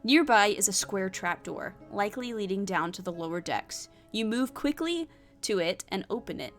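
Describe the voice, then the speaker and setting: A woman plays a solo tabletop adventure, reading the text aloud at a mid pitch. She pauses to think through her choices with hesitant asides. Faint music plays underneath. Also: expressive, a bit bright. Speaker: solo tabletop game player.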